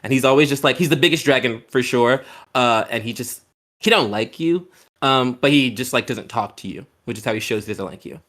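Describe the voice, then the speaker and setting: A man runs a tabletop game in a loose, rambling way, full of pauses and fillers. His voice is mid-pitched and casual, and he is quick to slip into joking. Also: fairly bright tone. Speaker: game master.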